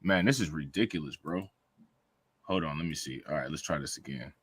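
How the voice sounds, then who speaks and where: A man's voice: rumbling low, a little fast, a bit bright, slight background noise. A man hosting a livestream, talking in a laid-back, slangy way while fixing technical trouble. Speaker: stream host. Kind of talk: casual livestream chat.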